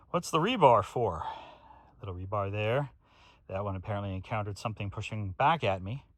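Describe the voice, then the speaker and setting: A man's voice: on the low side, no room sound. A man narrating to himself while building outdoors on a slope, wry and joking, a little short of breath. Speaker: DIY builder vlogger. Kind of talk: casual self-narration while working.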